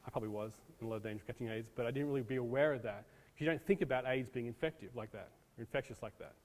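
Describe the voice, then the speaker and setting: American guy teaching a class, lots of ums, mid pitch, long echo in the hall. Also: racing. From United States. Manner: casual, talks to audience, many ums. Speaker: disaster preparedness presenter. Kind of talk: classroom lecture.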